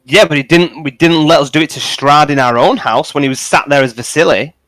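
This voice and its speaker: A man's voice: on the high side, a little fast, a bit bright, no echo. A man playing in an online tabletop game, chatting and joking with the table. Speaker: player. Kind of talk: casual game table chat.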